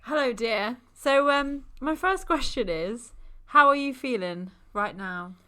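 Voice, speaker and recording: A woman's voice: fairly high pitch, expressive, takes it slowly, bright, forceful tone, smooth. A woman from the UK co-hosting a comedy podcast, chatty and giggly. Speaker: podcast co-host. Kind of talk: casual podcast chat.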